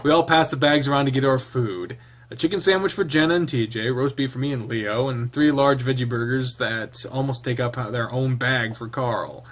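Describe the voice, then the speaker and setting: A man's voice: mid-range voice, steady tone, moderate pace, fairly bright tone. A man reading a visual novel aloud, mixing the narration with casual, laughing asides and the odd swear.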